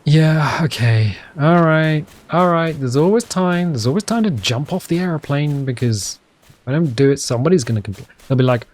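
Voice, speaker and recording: A man's voice: on the high side, animated, normal speed, a little mellow. A man casually commentating a survival game as he plays, rambling, joking at his own expense and talking to himself. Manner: rambling, self-deprecating, talks to himself. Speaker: gameplay commentator. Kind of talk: casual let's-play commentary.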